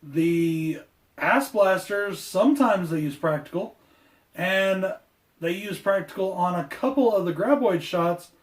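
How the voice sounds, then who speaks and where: A man's voice: sits high, a little slow. A man hosting a casual movie review podcast, talking in an upbeat, rambling way. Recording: roomy, distant mic.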